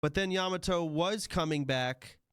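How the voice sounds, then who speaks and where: A man's voice: on the high side, normal speed, fairly bright tone, smooth, no room sound, clean studio sound. A man reacting to a clip in casual chat, blunt and swearing, with wry laughs.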